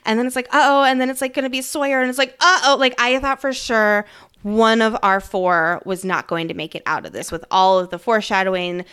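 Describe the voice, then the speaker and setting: A woman's voice: medium pitch, steady tone, fairly quick, a bit bright, clean tone. A woman co-hosting a book podcast, talking enthusiastically and weighing theories about the story. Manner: enthusiastic, analytical. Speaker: podcast co-host. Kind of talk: casual book discussion.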